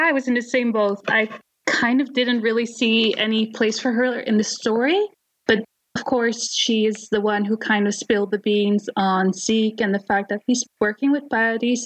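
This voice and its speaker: A woman co-hosting a casual podcast discussion, enthusiastic and quick to laugh. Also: on the high side, dry recording, rough recording. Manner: giggly, enthusiastic, laughs often. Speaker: podcast co-host.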